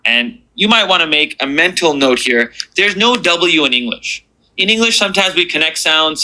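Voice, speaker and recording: Bright-voiced encouraging male teacher. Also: on the high side, poor audio. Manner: patient, encouraging, slows down to repeat sounds. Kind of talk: beginner language lesson.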